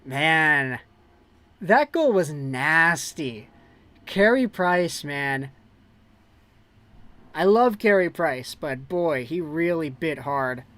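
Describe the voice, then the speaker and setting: A man calling hockey play-by-play on his own livestream, excitable and jumping up loud on big saves. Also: a little high, very slow, pauses often. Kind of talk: play-by-play commentary.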